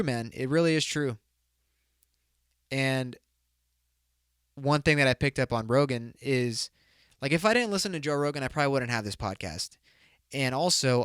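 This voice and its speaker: A man's voice: medium pitch, fairly bright tone, clear, resonant tone, no room sound, clean studio sound. Profane, rambling young podcast guy. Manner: loose, profane, bro-ish and rambling. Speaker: podcast host. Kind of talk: casual solo podcast talk.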